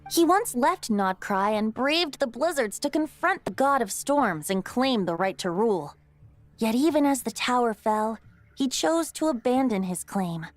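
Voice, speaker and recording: A woman performs a boyish male bard god from a video game, lighthearted yet wise, with a raised, youthful voice. He recounts old lore in a measured, storytelling manner. The studio sound is very dry and close. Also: fairly high pitch, expressive, dry recording, soft background music. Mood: solemn. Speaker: game character.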